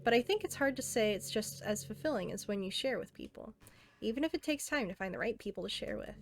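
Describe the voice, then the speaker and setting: A woman's voice: fairly high pitch, expressive, fast. Monika, a woman reading as a clingy girl. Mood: tender. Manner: earnest, intimate, softly pleading. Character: self-aware teenage girl game character, clingy and devoted. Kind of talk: reading game dialogue aloud.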